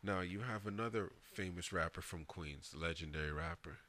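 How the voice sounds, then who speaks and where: Host type, very low voice, relaxed slangy chatter about records. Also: male voice, moderate pace. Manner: laid-back, slangy, hesitant fillers. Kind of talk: casual music chat.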